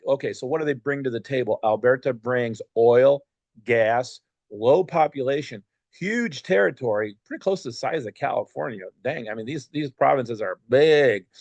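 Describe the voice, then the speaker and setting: A man's voice: medium pitch, no room sound. A man from the United States hosting a podcast alone, rambling and joking in a chatty way with many fillers. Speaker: podcast host. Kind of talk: casual monologue podcast.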